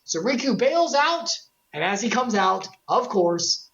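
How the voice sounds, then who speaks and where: A woman streamer recapping a video game series in casual commentary, excitable and joking, with quick asides to her chat. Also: medium pitch, vocal fry, lo-fi sound.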